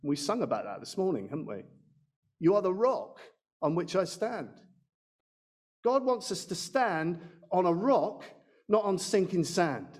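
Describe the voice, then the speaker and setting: High-voiced preacher, chatty. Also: male voice, sing-song, unhurried, pauses often, a little mellow, husky. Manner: chatty, self-deprecating, with acted quotes. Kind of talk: sermon. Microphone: handheld microphone.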